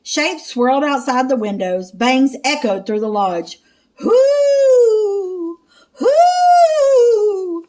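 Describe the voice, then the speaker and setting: A woman teacher from Texas, reading a picture book aloud with expressive narration and sound effects. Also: a little high, measured pace, hardly any pauses.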